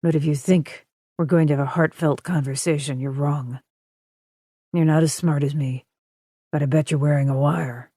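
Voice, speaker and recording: A woman narrator voicing a male kidnapper with a deep, smooth voice, cold, controlling and quietly amused. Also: steady tone, moderate pace, no echo, studio quality. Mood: smug.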